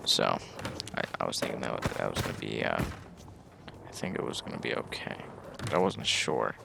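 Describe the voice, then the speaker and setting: A man's voice: very deep voice, big pitch swings, normal speed, gravelly, very noisy. A young man telling a casual story about his own life, rambling along with fillers and swearing.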